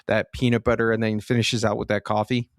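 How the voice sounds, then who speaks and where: A man co-hosting a casual gaming podcast, relaxed and laughing often, with the odd swear. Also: on the low side, fast talker, dry recording, studio quality. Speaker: podcast co-host.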